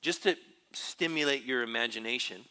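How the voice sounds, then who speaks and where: Reflective male pastor, bright voice. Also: mid-range voice, normal speed, clear, resonant tone. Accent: Texan. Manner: reflective, searching, with frequent fillers and restarts. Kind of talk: sermon. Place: church.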